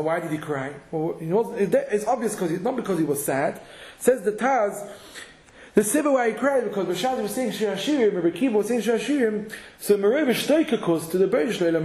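High-voiced man teaching in an echoey room. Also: a little mellow. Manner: halting, repeats words, mixes Hebrew and Yiddish terms. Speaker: Torah teacher. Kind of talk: halachic lesson to a class.

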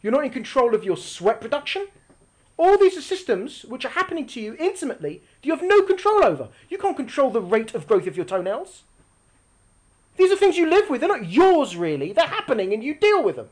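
A woman with a fairly high, lively voice teaches a live religious class. She explains from a diagram, throws questions to her listeners and repeats key lines for emphasis. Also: brisk. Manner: explains using a picture or diagram.

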